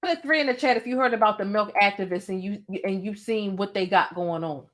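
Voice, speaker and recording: A woman's voice: mid-range voice, fairly quick. Chatty woman talking straight to her viewers. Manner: chatty, animated, addresses viewers directly. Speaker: vlog host. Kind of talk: casual chat.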